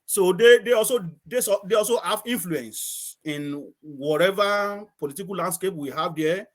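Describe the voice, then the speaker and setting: Antiguan man, high-pitched, rambling anecdotal guest on a call. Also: moderate pace. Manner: storytelling, repeats words, laughs often. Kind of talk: casual chat.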